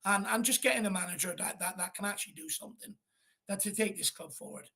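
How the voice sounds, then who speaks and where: A man's voice: high-pitched, quick pace, gravelly, sharp tone. A man hosting a live football fan chat, angry and blunt, swearing as he vents. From Ireland. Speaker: fan channel host.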